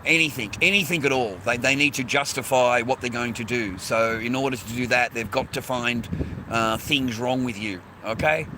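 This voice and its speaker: A man's voice: medium pitch, moderate pace, noisy background. An Australian man streaming a casual, rambling walk-and-talk outdoors on a street near the beach, swearing constantly and ending lines with mate and bro.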